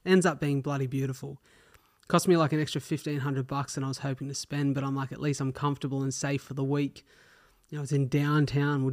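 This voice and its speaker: An Australian man hosting a solo podcast, telling stories in a chatty, slangy way and swearing casually. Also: medium pitch. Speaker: podcast host.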